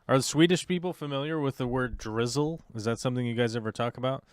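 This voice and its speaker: A man's voice: mid-range voice, fast, clean tone, no room sound. Male livestream host, playful, self-mocking talker, resonant voice, dead-dry sound. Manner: playful, thinks aloud, jokes at himself. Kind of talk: casual livestream chat.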